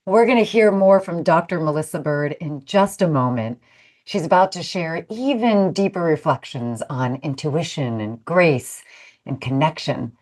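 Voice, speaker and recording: A woman hosting an interview show, reading scripted segment links and asking questions in a measured, deliberate way. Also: low-pitched, lively intonation, darkish tone. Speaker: podcast host.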